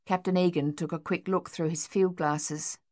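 Woman, audiobook narrator, lowish voice, measured storytelling, dry studio booth. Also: steady tone, darkish tone, dry recording.

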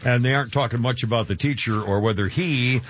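A man's voice: mid-range voice, a little fast, a bit bright, slight background noise. A man hosting talk radio, chatting casually about news items and rambling with many fillers and restarts. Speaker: radio host. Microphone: studio mic. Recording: dry dull radio studio sound.

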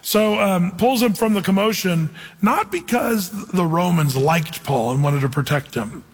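High-voiced animated man teaching scripture. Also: a little slow, husky. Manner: animated, conversational, reads scripture aloud. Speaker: pastor. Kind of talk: expository Bible teaching. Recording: reverberant hall.

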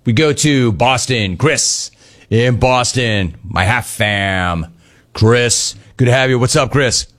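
A man's voice: medium pitch, takes it slowly, fairly bright tone. A middle-aged man hosting a sports talk radio show, riffing sarcastically on callers and the news.

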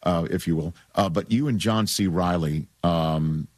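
A man hosting an interview, asking questions haltingly with fillers. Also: low voice, a little mellow, husky, dry recording, clean studio sound. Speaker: interviewer host. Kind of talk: casual interview.

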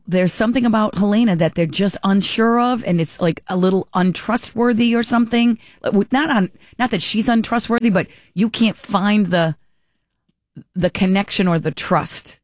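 A woman's voice: medium pitch, a little mellow, no echo, studio quality. A woman hosting a talk radio show, chatting in a rambling way with frequent restarts.

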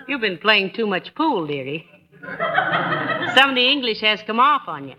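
An actress playing a patient, dryly teasing middle-aged wife in a 1940s radio comedy. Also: female voice, medium pitch, very animated, moderate pace, over a noisy crowd, natural voice, poor audio. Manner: dry teasing, calls husband dearie.

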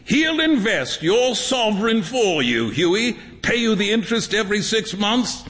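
A man voicing a jovial, teasing upper-class gentleman painter in a story reading. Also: sits high, sing-song, measured pace, big-room sound, voice pushed up, heavily acted. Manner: hearty, teasing, laughing.

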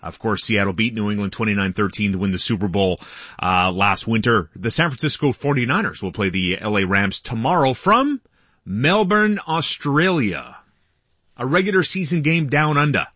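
A man's voice: on the low side, very animated, normal speed, fairly bright tone, slightly rough, no echo. A man giving the sports report on morning radio in a loose, chatty way, with fillers and easy laughs. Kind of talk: casual sports chat on radio. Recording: dull, dry radio studio sound.

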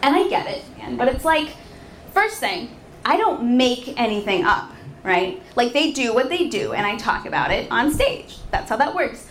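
A woman's voice: a little high, very animated, normal speed, a little hiss or hum. A woman from Arkansas doing a wry, conversational stand-up set. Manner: wry, conversational, rhetorical asides. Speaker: stand-up comedian. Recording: echoey room.

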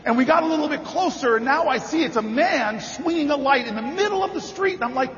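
A man giving a rousing political convention speech, telling a story and building to shouted rallying calls. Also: extremely high pitch, expressive, fast talker. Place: large convention hall with a crowd. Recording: echoey hall, dull sound, crowd behind.

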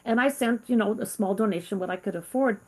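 A middle-aged woman hosts a conversational interview, speaking earnestly and from the heart. Her pitch sits in an ordinary middle range, and her talk is loose with fillers and restarts. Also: quick pace. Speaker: interview host.

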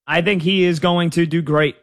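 A man's voice: on the high side, fairly even intonation, normal speed, a bit bright. A man talking casually as a sports betting analyst, conversational with frequent fillers. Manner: conversational, uses fillers like "you know".

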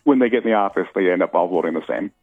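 A man running for city office, calling in by phone and talking in a halting way with many restarts and fillers. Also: deep voice, slightly rough, dry recording, soft background music. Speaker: city commission candidate calling in. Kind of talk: casual phone interview. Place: in Hawaii on a phone. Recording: tinny dry phone line.

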